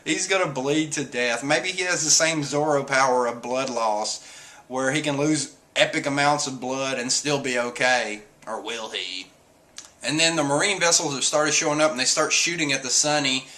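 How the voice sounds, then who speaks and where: A man casually recapping a comic chapter, animated, often laughing and acting out lines in squeaky voices. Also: moderate pace. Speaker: manga chapter reviewer.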